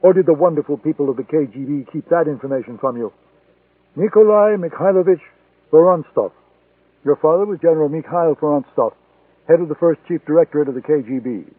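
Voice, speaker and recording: A man's voice: on the high side, brisk, breathy edge, no room sound. A man voicing a defiant male intelligence agent who speaks in a cold, accusing way. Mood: coldly accusing. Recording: tinny phone-like sound, dry.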